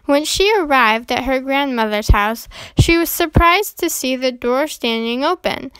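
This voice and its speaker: Female storybook reader, gentle and measured, high-pitched, dry studio sound. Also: lively intonation, smooth, dry recording. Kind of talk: reading a children's storybook aloud.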